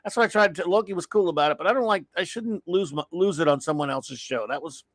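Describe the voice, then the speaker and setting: Man, middle-aged, exasperated rambling rant, slightly high voice, dry close sound. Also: fast talker, a bit bright, dry recording. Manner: exasperated, rambling, with sighs and restarts. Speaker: show host. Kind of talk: casual live-stream rant.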